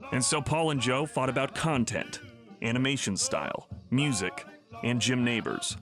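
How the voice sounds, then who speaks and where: A man's voice: medium pitch, moderate pace, fairly bright tone. Male documentary narrator over music. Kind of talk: scripted narration.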